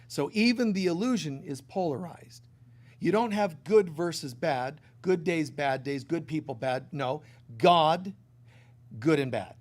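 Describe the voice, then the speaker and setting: Spiritual teacher, middle-aged man; a somewhat high voice, storytelling sermon delivery with playful asides and big swings in volume. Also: animated, a little slow.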